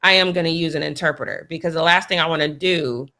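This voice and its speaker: Bright-voiced woman sports co-host. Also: low-pitched, fairly even intonation, quick pace. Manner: opinionated, emphatic. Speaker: podcast co-host. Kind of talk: casual sports chat.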